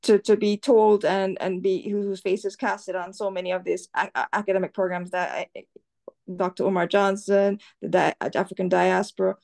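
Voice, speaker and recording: A woman's voice: medium pitch, creaky, a little mellow. A Jamaican woman talking bluntly and animatedly as an interview guest, swearing freely. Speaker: guest commentator. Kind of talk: outspoken interview talk.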